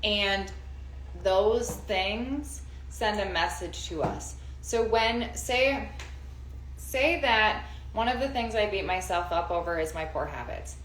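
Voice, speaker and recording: A woman's voice: medium pitch, expressive, slow, a bit bright. A woman in her forties giving casual self-help advice, emphatic, repeating key phrases and checking for agreement. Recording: roomy sound with faint noise.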